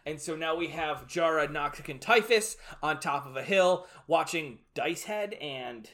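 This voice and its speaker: Excitable podcast co-host, man, high bright voice, swears, acts out bits. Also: normal speed. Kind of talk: casual recap chat.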